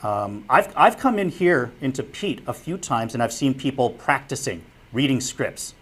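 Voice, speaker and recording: A man's voice: mid-range voice, animated, moderate pace, a bit bright, slightly rough. A man who works as a sportscaster, giving a public lecture on broadcasting in an earnest, direct way, repeating his key advice. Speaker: broadcasting instructor and former sportscaster.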